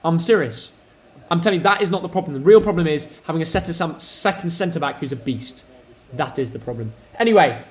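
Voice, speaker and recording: A young man hosting a live football watch-along stream, chatty and excitable, talking to his viewers. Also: fairly high pitch, quick pace, hardly any pauses. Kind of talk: casual live match watch-along commentary.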